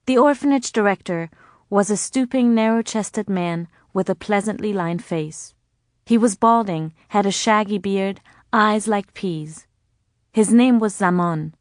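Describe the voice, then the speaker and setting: A woman reading a novel aloud in measured, scripted narration. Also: medium pitch, no echo, studio quality. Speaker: audiobook narrator.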